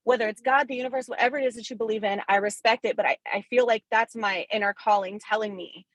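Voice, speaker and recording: A woman speaks on a video call about her recent wins as a real estate agent. She is candid and excited and swears freely. The sound is dry and close, with no room echo. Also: fairly high pitch, quick pace. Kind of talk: casual testimonial in a coaching call.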